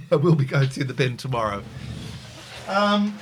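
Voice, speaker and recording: A man hosting a live show, chatting casually in a playful, teasing way with sudden loud outbursts. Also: medium pitch, big pitch swings, a little slow, noisy background. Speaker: radio host.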